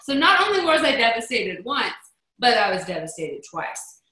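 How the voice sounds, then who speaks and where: A woman's voice: on the high side, very animated, normal speed, bright, forceful tone, reverberant, rough recording. A woman leading a motivational team call in a chatty manner, acting out the voices she quotes. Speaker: network marketing team leader.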